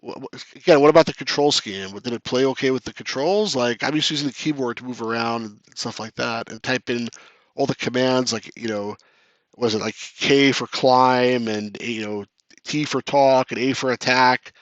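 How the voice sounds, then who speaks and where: Chatting with viewers as he plays a retro strategy game live, a man reads their messages aloud and laughs off his defeats. He speaks at a moderate pace in a steady, mid-range voice; the audio is dull with no echo.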